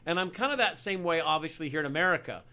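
Talk radio host, male, bright tense tone, opinionated and emphatic delivery. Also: fairly high pitch, lively intonation, fast talker. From Mid-South US. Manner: emphatic, opinionated, chatty storytelling. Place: radio studio.

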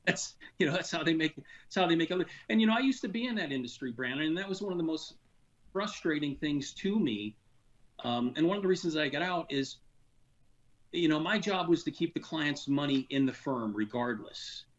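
On a radio show, a former industry insider appearing as a financial advisor guest talks casually and earnestly, sounding frustrated and full of fillers and restarts. His voice sits on the high side, and the highs are cut off.

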